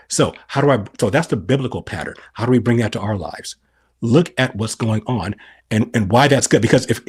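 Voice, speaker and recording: A man's voice: medium pitch, darkish tone, slightly rough. A middle-aged man on a podcast explaining scripture, asking and answering his own questions. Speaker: podcast guest.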